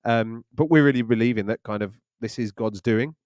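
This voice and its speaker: A man's voice: medium pitch, a little fast, darkish tone, no room sound. A man, co-hosting a live online church Q&A in a chatty, joking way. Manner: jokey, chatty, laughs often. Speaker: church leader and co-host.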